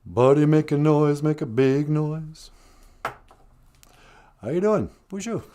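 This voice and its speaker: Male comedy stream host, playful and jokey, with an animated pitch. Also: slow, slight background noise. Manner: joking, playful. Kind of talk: comedic livestream chat.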